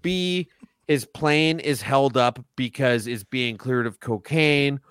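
A man with a mid-pitched voice co-hosting a podcast, sarcastic and mocking, with a joking edge. The recording is dry and close, with no room sound. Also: takes it slowly, a bit bright, smooth, no echo. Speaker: podcast co-host. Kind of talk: casual podcast chat.

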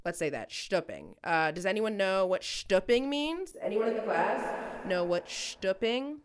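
A brash, profane woman riffs through casual comedic chat as a podcast co-host. Her pitch swoops all over as she slips into playful voices. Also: big pitch swings, a little slow.

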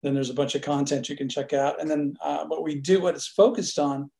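Interview guest, man, relaxed storyteller, fairly high voice, roomy echo. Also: brisk, creaky. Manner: relaxed storytelling, acts out quoted dialogue. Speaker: producer and studio owner, guest. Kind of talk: casual interview chat.

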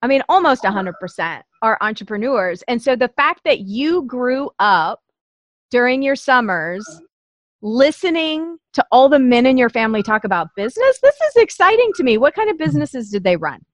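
A woman's voice: on the high side, expressive, normal speed, no room sound. A woman in her forties with a Southern US accent, hosting a podcast and interviewing a guest with gushing, exclamatory energy. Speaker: podcast host.

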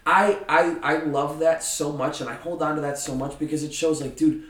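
A man's voice: on the high side, steady tone, moderate pace, a bit bright, far from the mic. A man hosting a casual podcast chat, ranting with heavy swearing. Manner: profane, ranting, heated. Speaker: podcast host. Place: room with a friend. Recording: echoey room, off mic.

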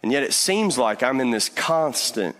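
A man in his thirties preaching a sermon as pastor, telling stories with lively restarts and repeated words. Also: medium pitch, moderate pace. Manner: animated storytelling with many restarts. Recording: long hall reverb.

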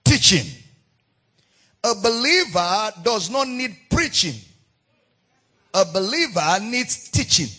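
A man's voice: sits high, sing-song, takes it slowly, pushed and bright. A male pastor preaching a sermon in a church, emphatic, repeating key words in a sing-song cadence.

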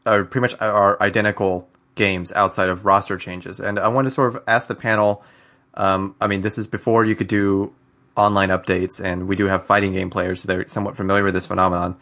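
A man's voice: sits low, flat delivery, fairly quick, a bit bright. A man hosting a casual gaming podcast, laid-back and putting questions to the panel. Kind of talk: casual chat.

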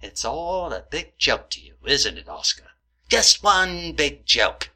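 A man playing a fussy, pedantic man who needles and lectures his roommate, indignant and drawn-out in a comedy sketch. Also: on the high side, very animated, sharp tone, exaggerated voice. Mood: lecturing. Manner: prissy, indignant, drawn-out storytelling.

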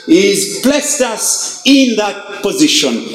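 A male pastor preaching a sermon, stressing key words with slow, drawn-out emphasis. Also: high-pitched, big pitch swings, fairly bright tone, roomy sound, low-quality recording.

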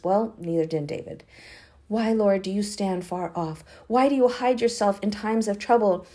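A woman's voice: mid-range voice, normal speed, warm tone. A woman hosting a podcast, retelling Bible chapters in a casual, chatty way with fillers and growing earnest emphasis. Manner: earnest, rising emphasis when urging prayer. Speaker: podcast host reading the Bible. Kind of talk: casual Bible reading and commentary.

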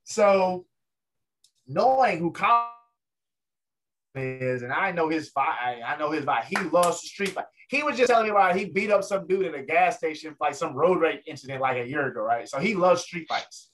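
A man's voice: a little high, normal speed. A man, a ring announcer, telling a story in a casual interview and acting out the people in it. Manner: animated storyteller, acts out other people's voices.

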